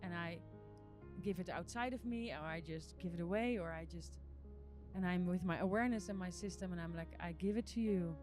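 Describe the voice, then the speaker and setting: A woman's voice: on the low side, a little fast, a little mellow, faint music behind. A woman who is not a native English speaker, hosting a podcast and talking in an earnest, emotional spiritual monologue with repeated phrases. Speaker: podcast host.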